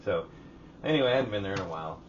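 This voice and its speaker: A man's voice: deep voice, lively intonation, racing, distant mic, muffled recording. A man co-hosting a casual podcast from his garage, telling long profane stories, acting out other people's lines, hot and sweating. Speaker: podcast co-host. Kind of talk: casual chat. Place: home garage.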